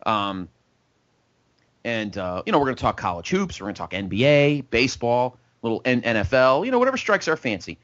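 A man's voice: medium pitch, sing-song, fairly quick, fairly bright tone, no echo. A man hosting a sports talk show in a casual, joking, rambling style. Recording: dull, lo-fi podcast audio.

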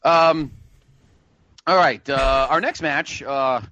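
A man hosting a casual podcast, animated and profane, laughing often as he reviews old matches. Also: fairly high pitch, slow, no room sound, highs cut off. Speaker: podcast host. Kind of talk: casual wrestling review chat.

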